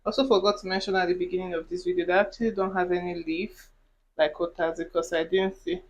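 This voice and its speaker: A woman's voice: fairly low pitch, little pitch movement, quick pace, dull audio, slight background noise. Chatty woman cooking on camera. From Nigeria. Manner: chatty, talks while cooking, asides to viewers. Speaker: cooking vlogger. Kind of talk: casual cooking tutorial. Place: home kitchen.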